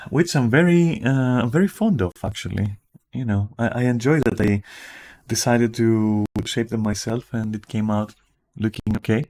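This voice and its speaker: A man streaming from home with a raspy, just-woken-up voice, rambling casually and swearing now and then. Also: mid-range voice, moderate pace, a little mellow. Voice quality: raspy morning voice. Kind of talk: casual livestream chat. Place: at home in front of a camera.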